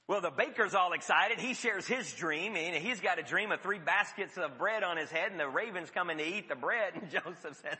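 A male preacher with a fairly high, very bright, cutting voice that carries through a reverberant hall. He preaches in a storytelling way and drops to hushed tones for emphasis. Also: normal speed, few pauses. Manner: storytelling with sudden drops to a near whisper. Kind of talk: sermon.

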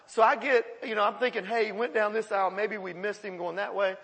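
A man preaching a sermon as pastor, telling a personal story in a conversational, animated way. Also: high voice, quick pace. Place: church sanctuary. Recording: long hall reverb.

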